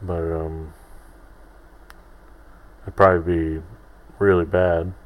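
Deep, slow-talking man rambling on a podcast. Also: level tone, narrow, tinny audio. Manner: rambling, self-deprecating, many restarts. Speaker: podcast host. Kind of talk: casual solo podcast monologue.

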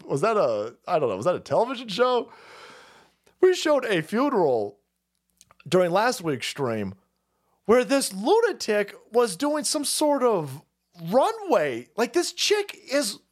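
A man in his forties hosting a livestream, ranting casually with lots of swearing and frequent laughter. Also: sits high. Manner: profane, laughs often, animated outbursts. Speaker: livestream host.

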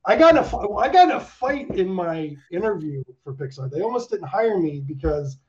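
A man around fifty chats as an interview guest, spinning stories with swearing, laughter and a steady stream of "like". His voice sits a little high for a man. The recording is dull and lo-fi. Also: fairly quick. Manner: animated, swearing storyteller full of likes and laughs. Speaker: guest animator. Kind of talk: casual interview chat. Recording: dull lo-fi sound.

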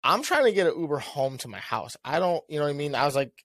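A young man tells a story in loose, profane podcast banter, his fairly high voice climbing whenever he acts out his own lines. The sound is close and dry, with no room around it. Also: fast, no room sound. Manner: animated, swears often, acts out his own lines with a rising voice. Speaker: podcast co-host.

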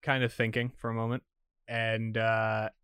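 A man narrating as game master of a tabletop game, speaking in a lowish voice. He hedges loosely as he describes the scene. The sound is dry and close. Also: completely flat delivery, measured pace, a bit bright, clean tone, no room sound. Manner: loose, hedging with fillers.

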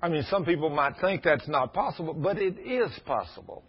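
A middle-aged man preaching a sermon in a folksy storytelling way, now and then rising to loud emphasis. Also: a little high, expressive, fairly quick, slightly rough. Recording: muffled lo-fi sound.

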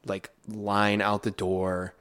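Low-voiced laid-back podcast guy. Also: monotone, slow, a bit bright. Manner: laid-back storytelling with filler words. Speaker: podcast co-host. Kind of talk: casual chat. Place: New York City area.

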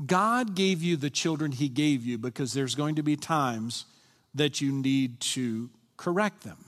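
A male senior pastor gives a conversational sermon in a fairly high voice. He often checks in with the congregation with questions. His voice rings with the long reverb of a church sanctuary. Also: animated, unhurried, a bit bright.

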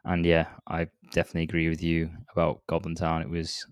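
A man hosts an interview show in a very deep voice with little rise and fall. He answers his guest in an easygoing, agreeable way, and the recording is dry and close. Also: monotone, fast, dry recording. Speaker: podcast host. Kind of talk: casual interview talk.

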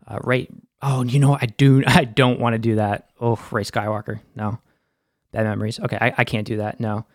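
A man's voice: mid-range voice, no room sound, studio quality. A young man with a Boston accent hosting a casual, slangy and opinionated episode recap. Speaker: show recap host.

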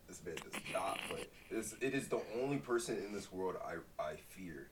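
A man chatting casually as a guest, laughing often and dropping to a low murmur when he turns serious. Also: lively intonation, normal speed, noisy background. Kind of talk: casual chat.

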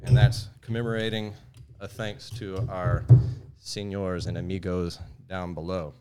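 A man's voice: sits low, little pitch movement, measured pace, heavy background noise. A man, a podcast host chatting casually and explaining a cocktail step by step. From Southeast Texas.

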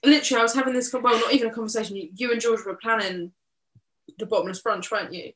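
A woman's voice: a little high, racing, echoey room, noisy background. A young woman co-hosting a casual podcast, chatty and swearing freely. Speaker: podcast co-host. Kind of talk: casual chat.

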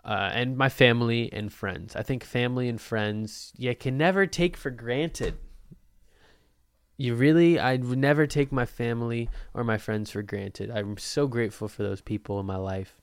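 In Portland, a young man hosts a casual solo podcast, answering listener questions loosely and jokily while swearing freely. His voice is medium-pitched, steady, smooth and moderately paced, with no room sound.

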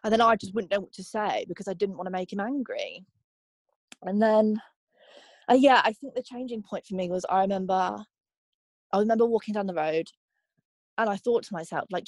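Young woman giving candid testimony, halting and filler-heavy, mid-range voice, soft music faintly behind. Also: mid-range voice, no room sound. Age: young adult. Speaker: interviewee. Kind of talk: personal testimony.

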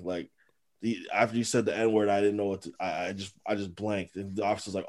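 A man co-hosting a podcast in casual chat, an animated storyteller who acts out voices and laughs often. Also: lowish voice, fast. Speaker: podcast co-host. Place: informal podcast studio.

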